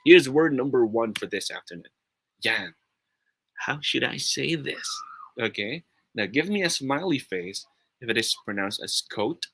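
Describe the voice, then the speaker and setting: Animated and a little slow, this Filipino-accented man teaches English pronunciation on an upbeat live stream, moving between English and Tagalog as he reads viewers' comments aloud. His medium-pitched voice is fairly bright and slightly rough, with no room sound, in a low-quality recording.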